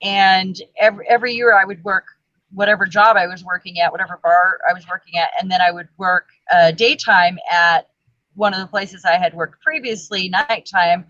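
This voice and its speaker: A woman's voice: mid-range voice, steady tone, moderate pace, fairly bright tone, no room sound. Chatty woman on a dull call line. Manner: rambling, chatty, many fillers. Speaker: co-host of a craft video chat. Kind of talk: casual chat. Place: home, video call. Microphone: video call.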